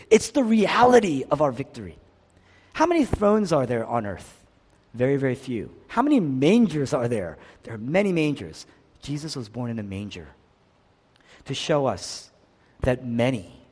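A man preaching a sermon, swinging between hushed low passages and impassioned, louder cries. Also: breathy edge, in a large hall. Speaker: pastor.

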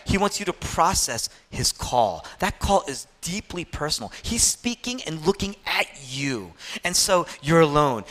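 A male pastor preaching an impassioned sermon, swinging between loud, urgent passages and hushed, quiet ones. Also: high-pitched.

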